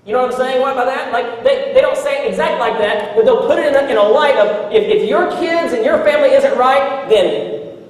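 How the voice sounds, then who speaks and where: A man preaching a sermon as a story, animated and chuckling as he talks, acting out the voices of the people in it. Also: very high-pitched, brisk. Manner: animated, acts out quoted voices, chuckles while talking. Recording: echoey hall, from a distance.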